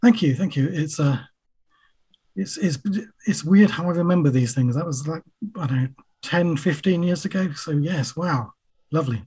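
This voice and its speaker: Man, husky, fairly high voice, halting, lots of ums and restarts, self-deprecating writer. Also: warm tone. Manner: halting, frequent fillers and restarts. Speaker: writer guest. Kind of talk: casual interview talk.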